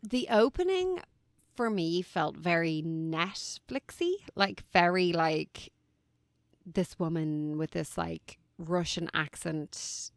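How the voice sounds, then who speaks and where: A woman co-hosting a podcast in relaxed conversation. Her voice sits fairly low with a gravelly edge, and she talks thoughtfully with drawn-out phrases. The sound is close and dry. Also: no echo. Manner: thoughtful, drawn-out, many fillers. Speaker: podcast co-host. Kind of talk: casual chat.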